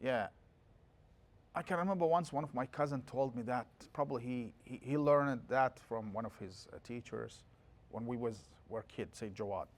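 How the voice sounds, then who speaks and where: This is a religious teacher lecturing a class, a middle-aged man with a mid-range voice. He explains things in a lively way and slips into rapid chanting of scripture.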